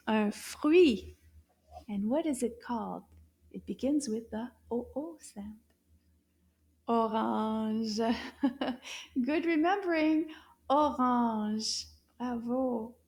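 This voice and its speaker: A woman teaching young children words in a slow, gentle way. She often drops into soft whispers and gasps with surprise. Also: high-pitched, gravelly. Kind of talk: slow kids' lesson, words repeated.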